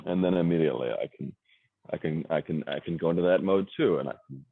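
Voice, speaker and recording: A man's voice: extremely low pitch, quick pace, slight background noise. A man talking in a rambling, self-searching way with frequent restarts, in casual conversation over a tinny, phone-like line. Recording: dry tinny phone-like sound.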